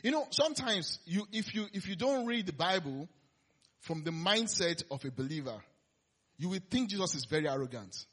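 A man preaching a conversational sermon, laughing often and swinging between loud emphasis and quiet asides. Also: sits high, expressive, normal speed.

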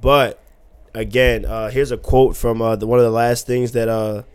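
Casual male podcast co-host, relaxed banter, dry close mic. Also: mid-range voice, moderate pace, clean tone, dry recording. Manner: laid-back, steers topics with asides.

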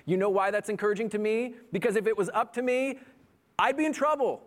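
A man's voice: high-pitched, brisk. A man preaching a sermon in an earnest manner, telling a personal story and building to impassioned appeals. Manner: earnest, rising to impassioned pleading. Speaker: pastor.

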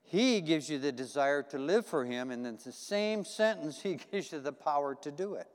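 A man with a slightly high voice and lively intonation preaches at a moderate pace, keeping his sermon conversational and folksy. He repeats ideas and puts questions to the congregation, his words echoing with long reverb through the church sanctuary.

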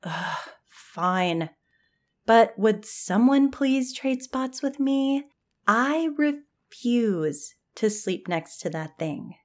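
A woman's voice: fairly high pitch, animated, extremely slow, pitched above the performer's own voice. A woman doing whiny scared camper girl. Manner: whiny, indignant. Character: jumpy teenage girl afraid of spiders.

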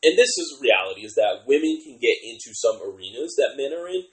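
A man's voice: medium pitch, sing-song, brisk, rough recording. A man co-hosting a casual podcast, talking conversationally with many fillers and explaining through examples. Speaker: podcast co-host. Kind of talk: casual chat.

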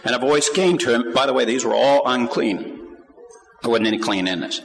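Man, preacher, sermon, reads scripture aloud, asks the congregation questions, emphatic peaks, medium pitch, long hall reverb. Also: a little fast, creaky. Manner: animated, rising to emphatic peaks.

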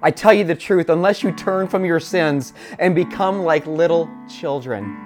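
A man preaching a sermon as pastor, talking through a story and building to impassioned, near-shouted declarations. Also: a little high, moderate pace, soft background music.

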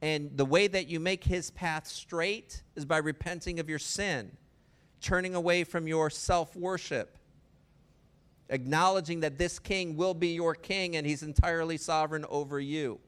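A man's voice: a little high, unhurried, fairly bright tone, clean tone. A man preaching a sermon in a conversational way, often asking the listeners rhetorical questions.

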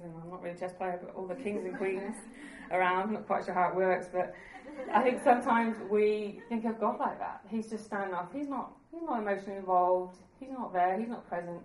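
Woman preaching in an echoing hall. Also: medium pitch. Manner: earnest, conversational, laughs at herself. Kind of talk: sermon.

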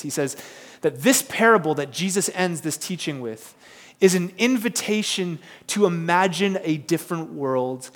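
A man preaches and tells a story with lots of energy, now and then putting questions to the crowd. His voice sits fairly high for a man. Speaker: pastor. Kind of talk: sermon with a personal story.

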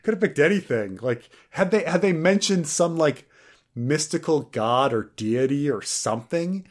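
Co-hosting a casual review podcast, a man with a slightly high voice talks animatedly at normal speed. He rambles sarcastically, often stammering and restarting his sentences.

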